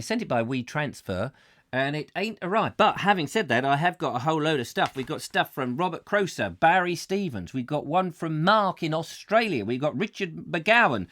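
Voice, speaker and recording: A man hosting a comic live chat show, ranting and joking with his viewers. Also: on the high side. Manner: animated, ranting, jokey asides. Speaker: host.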